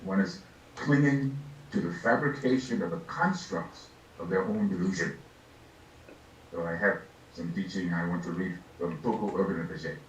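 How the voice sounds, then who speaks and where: An older man, a Buddhist lama, giving an unhurried, reflective dharma talk, laughing softly and acting out little scenes as he teaches. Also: deep voice, a little hiss or hum. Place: meditation hall. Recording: echoey room, distant mic, faint ambience.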